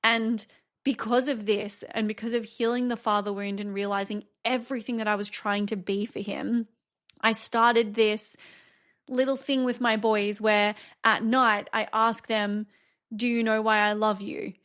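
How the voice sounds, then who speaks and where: A woman's voice: fairly high pitch, little pitch movement, a little slow, fairly bright tone. A woman in her thirties hosting a podcast, talking candidly and thoughtfully about her own life. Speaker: podcast host. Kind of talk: solo reflective podcast talk.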